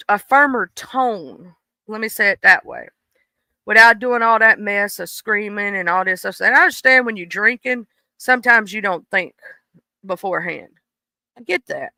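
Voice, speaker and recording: Bright, crisp-voiced livestream host. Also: medium pitch, dry recording. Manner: blunt, preachy, swears freely. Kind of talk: casual livestream commentary. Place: home room. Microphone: desk microphone.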